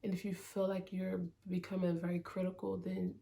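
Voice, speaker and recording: A woman's voice: fairly low pitch, completely flat delivery, normal speed, vocal fry, dark tone. A young woman, vlogging candidly about her own life in a conversational way, with many "like"s and "um"s. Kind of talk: candid personal vlog talk. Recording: faint music underneath.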